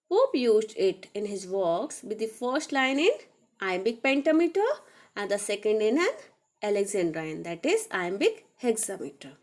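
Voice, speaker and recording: A woman teacher with an Indian accent, reading out a recorded lecture slowly and deliberately. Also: mid-range voice. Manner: slow, deliberate reading of notes.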